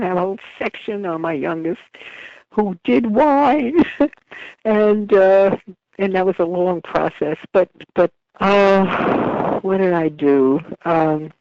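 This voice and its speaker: A woman's voice: mid-range voice, dry recording. Older woman author, dry dull line. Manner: laughs often while talking, halting restarts. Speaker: author guest. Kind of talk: casual conversational interview.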